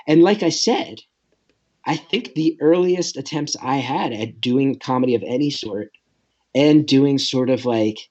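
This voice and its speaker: A man's voice: medium pitch, darkish tone, highs cut off. Rambling, self-deprecating man in his late 30s. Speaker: guest comedian. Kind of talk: casual podcast storytelling.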